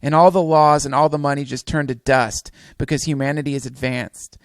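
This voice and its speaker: A man's voice: a little high, fairly even intonation, a little fast, dry recording, studio quality. A man, the podcast host, reading a comic passage aloud as a dramatic, building story.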